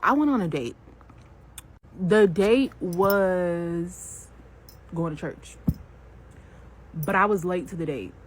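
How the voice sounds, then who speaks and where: A woman with a low voice tells her viewers about a date, animated and emotional as she recounts it. Her story comes across as a personal account spoken to camera. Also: slight background noise, low-quality recording.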